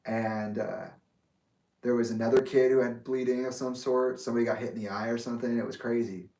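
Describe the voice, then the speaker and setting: A man's voice: medium pitch, fairly even intonation, brisk, mellow. A man casually telling a personal story in a rambling, profane way, laughing often. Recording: echoey room, mic far off.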